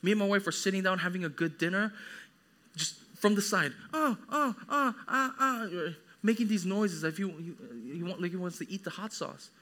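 Casual. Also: male voice, sits high, fairly quick. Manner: animated preaching with dramatic quoted voices. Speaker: pastor. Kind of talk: sermon.

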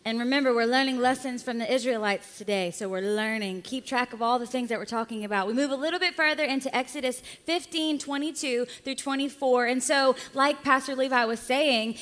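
A woman pastor preaching a sermon, lively and acting out the voices of people in the story. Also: high-pitched, fairly quick, few pauses, in a large hall.

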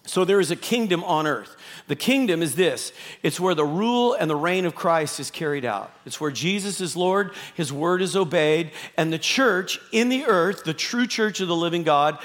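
A man's voice: a little high, fairly bright tone. A man preaching a live sermon as pastor, talking conversationally and asking the audience rhetorical questions. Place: church auditorium, live service. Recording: live church hall reverb.

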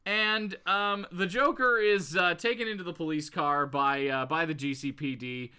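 A woman's voice: on the low side, moderate pace, clear, resonant tone. A woman co-hosting a casual comedy podcast, retelling a comic book with lots of laughter and playful voices. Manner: animated storytelling with voices and laughter.

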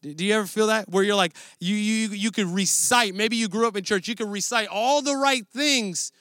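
A man's voice: high-pitched, moderate pace, bright, forceful tone, dry recording, studio quality. A man preaching a sermon in a conversational, earnest way, often restarting his phrases. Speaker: pastor.

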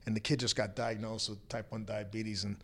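A middle-aged man, a hockey player's father, telling a story in a casual, animated way and acting out the people he quotes. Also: on the low side, brisk.

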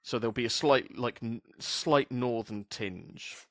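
A man's voice: medium pitch, measured pace, dry recording, studio quality. A man from the UK hosting a casual podcast chat, rambling through asides and swearing freely. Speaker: podcast host.

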